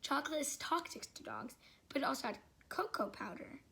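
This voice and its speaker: A woman's voice: high voice, huge pitch swings, a little fast, creaky, bright, forceful tone. A woman vlogger telling a casual story, rambling and filling it with "like" and "um". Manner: rambling, filler-heavy storytelling with frequent "like".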